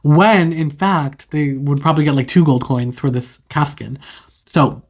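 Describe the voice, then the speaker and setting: Chatty host retelling an old tale off the cuff, rambling, plenty of asides, mid-pitched voice. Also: a little slow. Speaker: storyteller. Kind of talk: casual retelling of a fairy tale.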